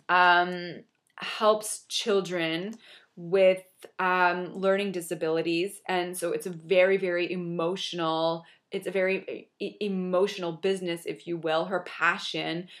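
A young adult woman giving an earnest, encouraging motivational monologue, repeating key phrases for emphasis. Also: lowish voice. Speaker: motivational speaker.

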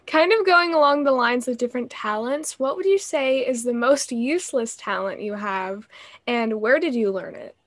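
A woman hosts a casual interview, asking short questions and nudging the guest along with small prompts. Her voice sits a little higher than most women's. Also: normal speed, fairly bright tone. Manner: brief, encouraging prompts.

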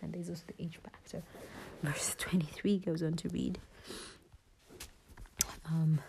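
A woman in a whispered Bible reading and teaching, halting and often losing her place and rereading verses. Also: low-pitched, flat delivery, creaky, mellow, husky, rough recording.

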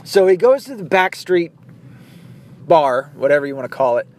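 A man's voice: on the high side, very animated, moderate pace, darkish tone. A man hosting a podcast, ranting casually in a blunt, profane, opinionated way. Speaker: podcast host.

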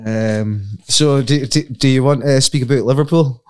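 A Scottish man hosting a podcast in a relaxed, casual chat. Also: medium pitch, moderate pace, clear, resonant tone. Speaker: podcast host.

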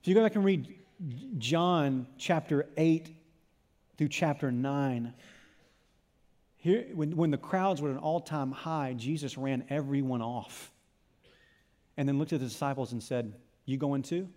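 A man preaching a sermon in church, impassioned, dropping to a hush and then rising to loud emphasis. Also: medium pitch, a little slow, pauses often. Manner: impassioned, swings from hushed to loud. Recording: long reverb of a church hall.

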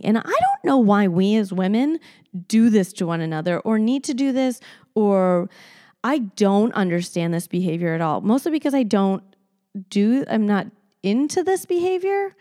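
A woman hosting a podcast alone, telling a story in casual chat, animated and blunt, laughing often and swearing freely. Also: mid-range voice, normal speed. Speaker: podcast host.

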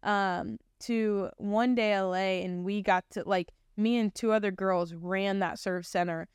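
A young woman in her twenties shares her personal testimony on a podcast, talking in a loose, filler-heavy ramble that turns earnest and emotional. Her voice is smooth and clear at an everyday middle pitch, recorded dry and close. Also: steady tone, unhurried, no room sound. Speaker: podcast host. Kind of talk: personal testimony, casual chat.

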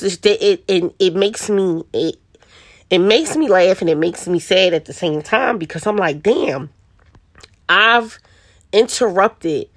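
A woman's voice: low voice, no room sound. A middle-aged woman hosting a podcast, chatting in a casual solo monologue, full of "you know" and restarts. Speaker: podcast host. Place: quiet spot with birds outside.

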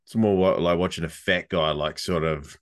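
A laid-back young New Zealand man with a fairly low voice, rambling through surf stories on a podcast. He swears freely and keeps a relaxed, easygoing flow. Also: moderate pace. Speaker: podcast co-host. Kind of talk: casual storytelling chat.

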